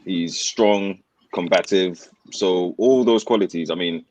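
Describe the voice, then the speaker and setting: Low-voiced man listing football points. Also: measured pace, darkish tone, poor audio. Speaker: podcast panelist. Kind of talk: casual football podcast chat.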